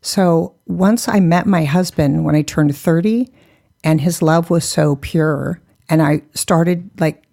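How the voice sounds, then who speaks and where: A woman's voice: low-pitched, slow pace, creaky, mellow. A woman in her forties, a podcast guest, telling her story bluntly and candidly, mocking herself and laughing often.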